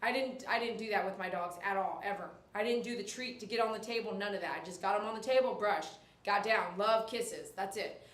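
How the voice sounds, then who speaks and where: A woman's voice: mid-range voice, a little fast, few pauses. Chatty woman groomer, echoey room. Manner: chatty, rambling, reads viewer comments aloud. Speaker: dog groomer hosting a livestream. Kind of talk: casual livestream chat.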